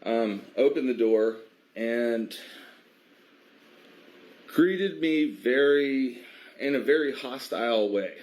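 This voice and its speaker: A man from a biker advocacy group recounting an incident in a measured way, with many pauses and fillers. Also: medium pitch, darkish tone. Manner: measured, filler-heavy, stops to restart. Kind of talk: recounting an incident, casual monologue.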